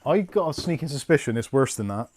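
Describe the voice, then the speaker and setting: Lively man chatting through a live build. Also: medium pitch, quick pace, a little hiss or hum. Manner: chatty, swearing, laughing at himself. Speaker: host. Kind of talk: casual live-stream chat.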